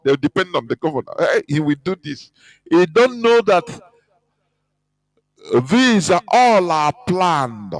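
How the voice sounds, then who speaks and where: A man's voice: high voice, big pitch swings, unhurried, pauses often, dry recording, rough recording. A man giving an impassioned, scornful radio talk, emphatic and mocking. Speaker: radio broadcaster.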